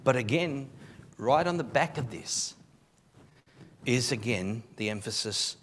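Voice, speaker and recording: A man, a pastor preaching a live sermon in church, telling the story with emphatic, animated delivery and frequent restarts. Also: medium pitch, slow pace, slight background noise. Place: church service.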